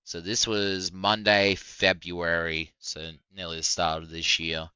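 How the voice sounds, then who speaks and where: A man's voice: deep voice, flat delivery, measured pace, pushed and bright, clean tone, no room sound. Young man, heated profane commentary, dry close sound, slightly muffled. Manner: profane, heated, indignant outbursts. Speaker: streamer reacting to a video. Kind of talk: casual reaction commentary.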